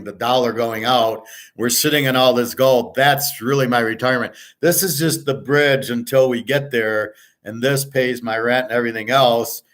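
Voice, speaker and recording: Speaking directly to a viewer, an older man hosting a livestream delivers a blunt, profane rant, repeating his points with emphasis. His voice is medium in pitch and a bit bright.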